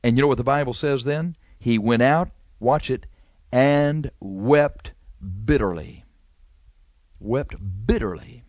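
A man delivers a fervent radio sermon in a middle-range voice. He hammers points through repetition and lets his voice surge high and loud. The sound is dry and close. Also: slow, no room sound. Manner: fervent, repetitive preaching with sudden rises in pitch and volume. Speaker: radio preacher.

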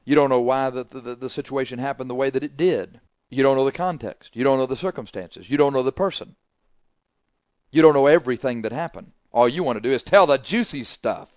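A man's voice: a little high, a little mellow, no echo, studio quality. A man preaching a sermon, hammering the congregation with confrontational rhetorical questions.

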